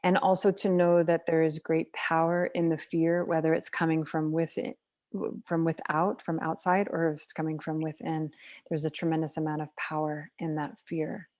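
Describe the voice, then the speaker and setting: Blunt, swearing woman health practitioner, low and flat, for earnest chat. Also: normal speed. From United States. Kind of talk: casual advice-giving conversation.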